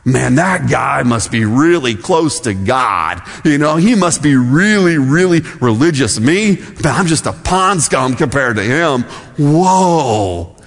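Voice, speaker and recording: A man's voice: medium pitch, animated, slow pace, vocal fry, exaggerated voice. A man voicing an awestruck bystander, drawling in amazement. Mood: awed. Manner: drawling, impressed. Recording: long hall reverb.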